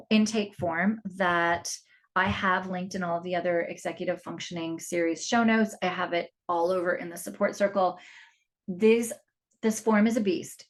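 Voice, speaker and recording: A middle-aged woman hosting a solo parenting podcast, chatty and confiding, often restarting her sentences. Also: mid-range voice. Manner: chatty, warm-hearted and confiding, with frequent restarts. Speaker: podcast host and parent coach.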